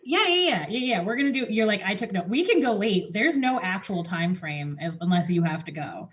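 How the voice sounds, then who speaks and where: A woman co-hosting a casual chat show, with a mid-range voice and a quick, animated way of talking. She rambles and restarts her sentences, and the odd swear word slips in. The audio sounds a little muffled and lo-fi. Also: medium pitch. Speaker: podcast co-host.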